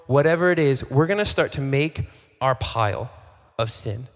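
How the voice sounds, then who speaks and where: In a church hall with long reverb, a male pastor delivers an expressive, chatty sermon to his congregation at normal speed and middle pitch. He acts out short exchanges and keeps repeating phrases.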